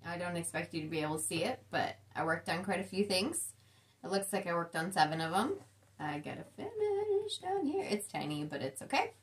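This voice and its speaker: A woman's voice: fairly low pitch, sing-song. Chatty young woman co-host. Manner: supportive, chatty, quick asides. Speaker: co-host of a cross-stitch channel. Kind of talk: casual chat.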